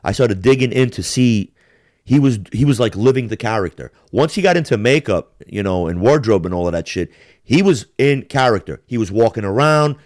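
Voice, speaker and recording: A man's voice: lowish voice, a little fast, no room sound, clean studio sound. A middle-aged man from the United States, hosting a casual podcast chat, rambling and profane. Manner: profane, rambling, animated impressions. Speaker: podcast host.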